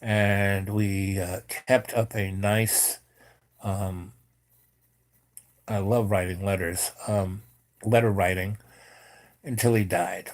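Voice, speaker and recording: A man's voice: low-pitched, steady tone, slow pace, long pauses. A middle-aged man telling a long personal story in a rambling, casual way, with many fillers and restarts. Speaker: host.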